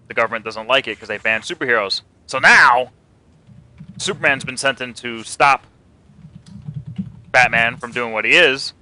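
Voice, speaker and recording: A man's voice: medium pitch, bright, forceful tone, smooth, dry recording, low-quality recording. A man co-hosting a casual comic and movie news show, rambling, joking and swearing. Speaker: podcast co-host.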